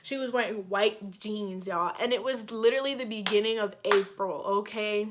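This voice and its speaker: A young woman from Minnesota, casually telling a personal story to camera, animated and full of "like", acting out what people said. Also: medium pitch, moderate pace, slight background noise. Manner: animated, heavy use of "like", acts out quotes. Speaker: storytime vlogger.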